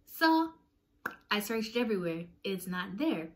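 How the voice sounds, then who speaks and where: Animated young woman telling a story. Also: moderate pace. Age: young adult. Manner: animated, acts out quotes with swings in pitch. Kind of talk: casual storytime.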